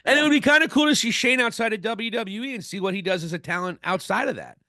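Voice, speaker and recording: A man's voice: high-pitched, expressive, fast talker, pushed and bright, dry recording, studio quality. A man co-hosting a wrestling podcast, talking casually in an opinionated, rambling way with many restarts. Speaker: podcast co-host.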